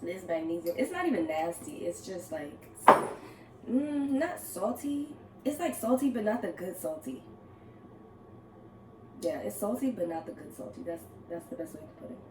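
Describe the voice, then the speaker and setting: In a noisy setting, this vlogger talks at a normal speed in a lowish voice with lively intonation. She chats casually with her viewers while getting ready at home, moving from the kitchen to upstairs, laughing a lot and addressing them as "girl".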